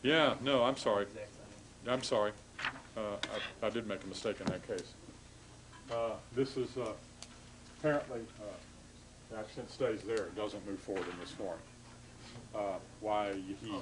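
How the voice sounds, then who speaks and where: A man lecturing a class on grammar, halting and full of fillers, stopping to correct himself. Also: fairly low pitch, background noise.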